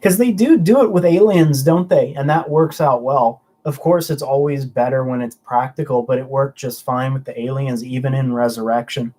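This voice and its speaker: A man's voice: medium pitch, normal speed, hardly any pauses, mellow. A young man hosting a casual livestream, chatting loosely and answering viewer comments with frequent restarts. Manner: rambling, chatty, stumbling restarts. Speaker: livestream host.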